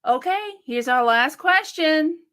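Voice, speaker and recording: Woman, interview host, chatty, upbeat, high pitch. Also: expressive, slow pace, a bit bright. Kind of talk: casual interview.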